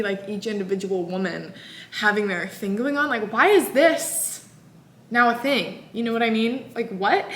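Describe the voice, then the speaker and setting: A woman in her twenties casually recapping a novel in an animated, exasperated way, full of "like". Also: fairly high pitch. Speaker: book vlogger. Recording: echoey room.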